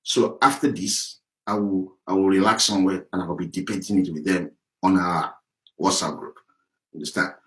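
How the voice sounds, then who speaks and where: A man giving an impassioned campaign monologue as an activist, emphatic and repetitive, sometimes rising to shouts. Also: low-pitched, steady tone, normal speed, poor audio. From Nigeria (Yoruba).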